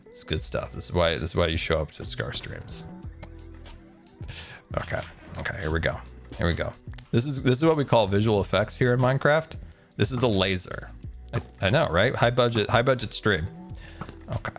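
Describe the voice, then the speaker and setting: A man's voice: on the low side, animated, moderate pace, pauses often, soft background music. A man streaming casually, ranting animatedly and joking with his viewers.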